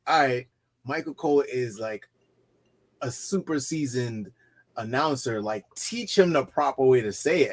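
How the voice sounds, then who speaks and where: Excitable man jumping into podcast chat. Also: mid-range voice. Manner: excitable, jumps in with reactions. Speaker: podcast co-host.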